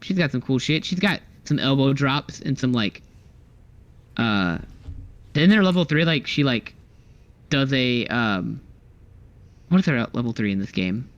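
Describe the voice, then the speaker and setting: A man co-hosting a casual podcast, talking excitedly and swearing a lot as he chats about fighting games. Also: mid-range voice, measured pace, pauses often, lo-fi sound. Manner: excited, swears often, acts out character lines. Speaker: podcast co-host. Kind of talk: casual chat.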